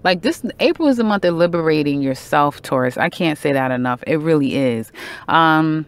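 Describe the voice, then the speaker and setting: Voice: mid-range voice, expressive, moderate pace, clean tone, dry recording. Tarot reader, casual monthly horoscope reading, chatty, emphatic, self-correcting, lots of fillers.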